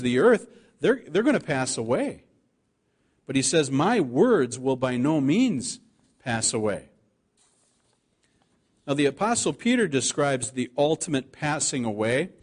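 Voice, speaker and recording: A man preaching a sermon, reading scripture aloud and slowing down to stress the key words. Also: medium pitch. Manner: earnest preaching, slows to stress scripture quotes. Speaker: pastor.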